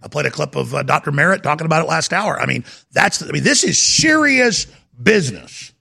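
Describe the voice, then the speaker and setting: A male talk show host rants in heated, emphatic commentary. His voice sits high and sounds very gravelly. It comes across forceful and husky. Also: very animated, a little fast. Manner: heated, emphatic, repeats himself. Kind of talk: agitated talk radio commentary.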